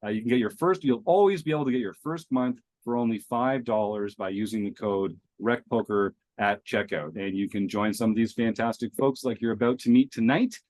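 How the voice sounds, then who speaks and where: A man's voice: lowish voice, a little fast, few pauses, a little mellow, dry recording. A man hosting a poker podcast, opening the show with enthusiastic thanks and sponsor reads, chatty with fillers. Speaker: podcast host.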